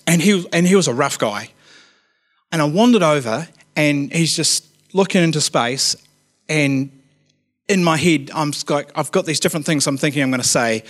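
A man's voice: fairly high pitch, brisk. A man, a youth worker telling a story in a sermon, chatty and casual, with frequent asides of "you know what I mean". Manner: drops to a quiet, earnest tone at serious moments.

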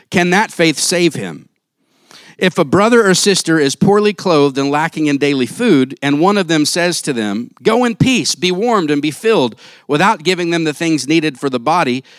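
A man preaching a sermon in church on a handheld mic, casual and jokey, acting out quick quotes. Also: on the high side, fairly bright tone, dry recording. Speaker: pastor.

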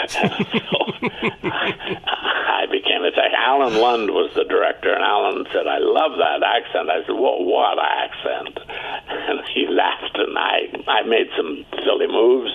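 Very deep gravelly older man, phone line. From Ontario, Canada. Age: 70s. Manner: chatty anecdotal storyteller, acting out quoted voices. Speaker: interview guest. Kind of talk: storytelling interview.

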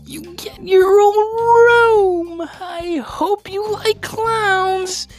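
A creepy movie dad with a sugary, high, stretched-out voice, put on by a man mocking a film. Every word is dragged out and sickly sweet. Faint music plays underneath. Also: fairly even intonation, heavily acted. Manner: high, drawn-out, mock-sweet. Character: giddy creepy dad showing boy his room.

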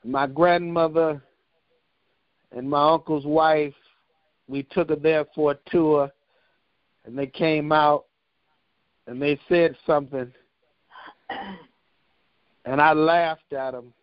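A man with a high voice preaches a sermon at an unhurried pace, his words landing in a measured, repeating rhythm. The sound is dry and a little dull, with no room around it. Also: steady tone, no echo. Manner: measured, repetitive preaching cadence.

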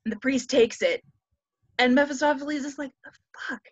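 Retelling an old tale, a high-pitched woman in her thirties is cheeky and profane, quickly acting out the characters' lines in a casual way. The recording is close and dry, with no room sound, and sounds slightly dull and lo-fi.

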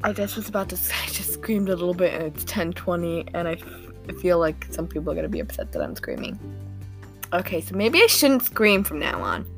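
A woman's voice: on the low side, very animated, fairly quick, creaky, soft background music. A teenage girl hosting a podcast, talking through her day in a rambling, self-deprecating way with frequent nervous giggles. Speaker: podcast host. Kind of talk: casual diary-style monologue.

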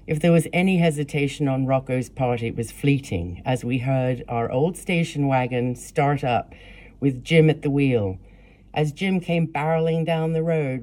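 Low, mellow woman reading her memoir. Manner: measured, plain storytelling with blunt profanity in quotes. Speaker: memoir narrator. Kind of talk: first-person memoir reading.

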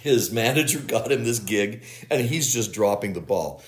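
A man co-hosting a podcast, retelling an episode's plot in a casual, animated way and laughing as he goes. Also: lowish voice, normal speed. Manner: animated storyteller, laughs while retelling plots. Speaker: podcast co-host. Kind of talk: casual episode recap chat.

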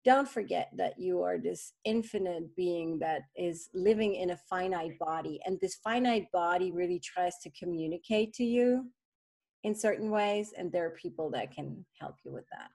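A woman co-hosting a spiritual podcast and working as a therapist, speaking in a gentle, reflective way with frequent fillers. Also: lowish voice, moderate pace, creaky. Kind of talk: casual spiritual podcast chat.

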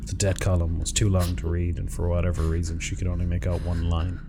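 A man narrating a short story in a measured, even storytelling delivery. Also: deep voice, noisy background. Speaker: narrator reading short stories. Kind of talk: scripted story reading. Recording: music bed under the voice. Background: music.

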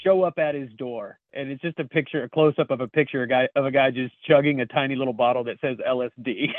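A man's voice: mid-range voice, fairly even intonation, fast talker, no echo. A man co-hosting a podcast in casual chat, laid-back and swearing, laughing as he reads out memes. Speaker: podcast co-host. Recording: dry, phone-like narrow sound.

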